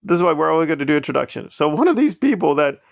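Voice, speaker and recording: Gravelly, sarcastic male commentator. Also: on the high side, very animated, very fast, dry recording, lo-fi sound. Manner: sarcastic, emphatic, repeats points. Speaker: commentary vlogger. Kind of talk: opinionated commentary on online drama.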